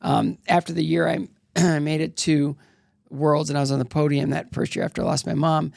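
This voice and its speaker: A man's voice: a little high, little pitch movement, brisk, vocal fry, darkish tone, no echo, clean studio sound. A middle-aged man, a former athlete, telling candid, rambling stories as an interview guest and acting out the voices of people he quotes. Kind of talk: casual storytelling interview.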